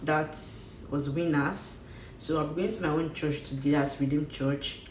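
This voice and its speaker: A woman talks straight to camera in a casual, candid vlog, circling back on her words for emphasis. Her voice sits low, and the room around her rings with echo. A faint background hum stays underneath. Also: steady tone, moderate pace, a little mellow, recorded from a distance. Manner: candid and personal, with repeated phrases. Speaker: lifestyle vlogger. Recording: echoey room with faint ambience.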